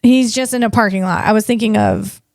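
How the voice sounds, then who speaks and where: A woman comedian hosting a tech podcast, talking in an animated way and tripping over her words. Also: mid-range voice, fairly quick, gravelly. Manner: animated, stumbling over words, acts out voices.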